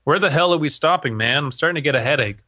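A man reading aloud as a fed-up teenage boy who shouts over a loud truck engine. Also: on the high side, animated, very fast, dry recording, lo-fi sound. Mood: impatient. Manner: shouting, impatient.

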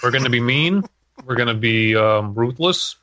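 Bright-voiced man in casual banter. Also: mid-range voice, lively intonation, moderate pace. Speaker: podcast co-host. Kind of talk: casual comedic chat.

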